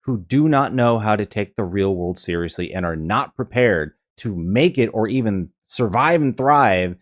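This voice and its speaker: A man's voice: fairly low pitch, animated, normal speed. A man giving reaction commentary, lecturing in an emphatic way.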